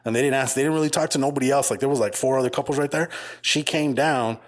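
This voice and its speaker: A man co-hosting a podcast, rambling through stories with plenty of swearing. His voice sits in an ordinary mid range, and he keeps jumping into high, squeaky impressions of the people he quotes. The talk is loose and casual. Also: fast talker. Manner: profane, storytelling, imitates people in high voices. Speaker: podcast co-host. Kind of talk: casual chat.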